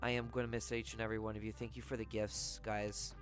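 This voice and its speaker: A livestreamer in casual chat with viewers, talking softly and haltingly with many pauses, sounding heartfelt. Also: mid-range voice, flat delivery, soft background music. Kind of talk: casual chat to a live audience.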